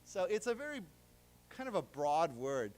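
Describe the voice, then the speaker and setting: An American man giving a live English lesson in a library lecture room, explaining words slowly with many fillers and restarts. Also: a little high, sing-song, darkish tone. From United States. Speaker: English teacher.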